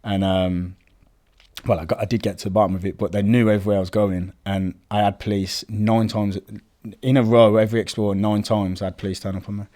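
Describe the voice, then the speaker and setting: Fast-talking man telling animated stories. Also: lowish voice. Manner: animated, acts out quoted voices, frequent swearing. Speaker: urban explorer guest. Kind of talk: casual storytelling chat.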